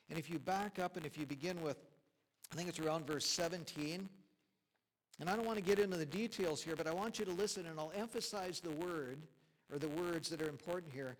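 High-voiced man preaching a folksy sermon. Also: poor audio. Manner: conversational and folksy, chuckling, emphatic repetition. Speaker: pastor. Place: church sanctuary.

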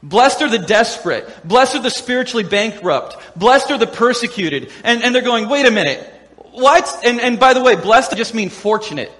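Animated high-voiced male preacher in hall. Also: normal speed, hardly any pauses. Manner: animated, acts out voices of crowds and quotes, laughs often. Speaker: pastor. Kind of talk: sermon. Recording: echoey hall with long reverb.

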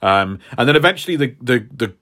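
A man's voice: medium pitch, animated, brisk, fairly bright tone. A man co-hosting a casual chat, recapping a story in a rambling way with lots of fillers. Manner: rambling, hesitant with many fillers. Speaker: podcast co-host.

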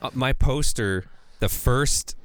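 A man's voice: medium pitch, slow, dry recording. A man co-hosting a podcast, talking casually about a film in a hesitant way full of fillers. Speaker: podcast co-host. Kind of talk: casual film review chat.

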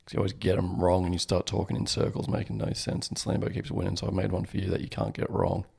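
A man co-hosting a comedy podcast and running a quiz segment, deadpan and hesitant. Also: low-pitched, fast, vocal fry, slightly rough.

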